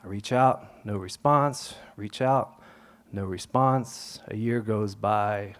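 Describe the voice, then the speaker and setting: A young adult man tells a true story to a live audience. He acts out the quotes and shifts his voice, at times falling to a hush. His tone is relaxed and conversational. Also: on the low side, slow pace. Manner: animated, acts out quotes, drops to whispers. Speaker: storyteller on stage.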